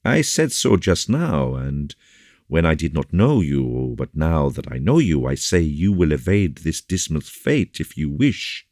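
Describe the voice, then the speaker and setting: A man's voice: extremely low pitch, very animated, measured pace, a little mellow, dry recording, studio quality, exaggerated voice. A man voicing a polite, gallant young male officer, reading in an eager, courteous manner.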